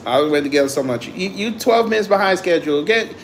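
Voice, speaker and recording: A man's voice: high voice, animated, fast, a little hiss or hum. Teasing New man with a laugh. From New York. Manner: teasing, slangy, laughs often. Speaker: livestream host. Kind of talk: casual livestream banter with chat.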